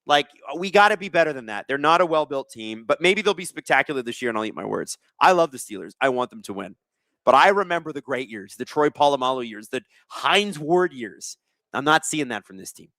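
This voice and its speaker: This livestream host's medium-pitched voice is expressive, a little fast, and fairly bright, with a dry recording. In his casual sports watch-along, he reads out the chat and jokes sarcastically, swearing often.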